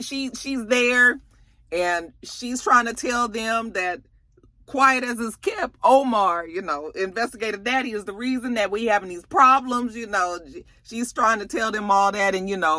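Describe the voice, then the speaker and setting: A man's voice: high voice, pushed and bright, dry recording, studio quality. A man giving a casual, chatty recap of a TV episode, colloquial and full of fillers. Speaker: TV episode reviewer.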